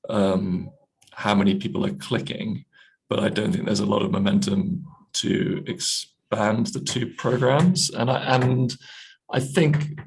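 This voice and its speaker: A man's voice: fairly low pitch, vocal fry, husky, low-quality recording. A man, a newspaper editor, talking in a video call discussion, hesitant with many fillers and restarts.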